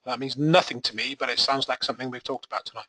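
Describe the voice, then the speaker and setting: A man's voice: medium pitch, fairly even intonation, fast, bright, forceful tone, poor audio. A man hosting a live webinar, reading out viewer questions in a chatty, hesitant way.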